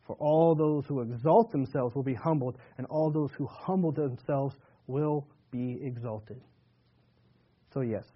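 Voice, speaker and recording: A pastor preaching a sermon with earnest emphasis, reading and explaining scripture passages. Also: male voice, a little high, slightly rough, lo-fi sound. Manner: earnest preaching, surging louder on scripture quotes.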